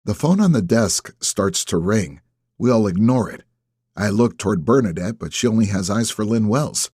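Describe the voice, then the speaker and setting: A man narrating an audiobook in first person, with a measured, terse delivery. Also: fairly low pitch, darkish tone, breathy edge, no room sound, clean studio sound.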